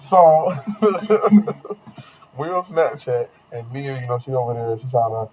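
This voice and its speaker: A young man hosting a podcast, telling a long dating story in slangy, animated casual chat with quoted voices. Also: medium pitch, unhurried, a little hiss or hum. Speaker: podcast host.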